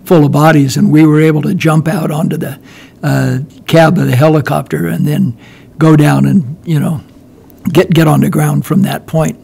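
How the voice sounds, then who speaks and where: Gravelly, husky older man telling stories. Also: a little high, flat delivery, normal speed, a little mellow. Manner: rambling, restarts often, laughs while telling. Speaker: guest veteran storyteller. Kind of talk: casual storytelling chat.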